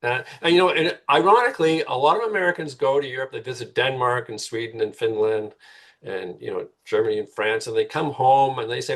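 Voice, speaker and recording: Middle-aged guy on a podcast, gravelly and kinda husky, earnest, keeps repeating himself to build a point. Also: medium pitch, fairly quick. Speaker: guest author. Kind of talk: conversational podcast interview.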